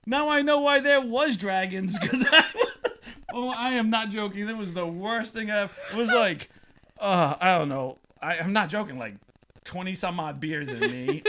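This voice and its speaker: A podcast host, an adult man past his twenties with a high-sitting voice, tells a funny story casually over background noise. He's animated, laughs often, and acts out the voices of the people he quotes.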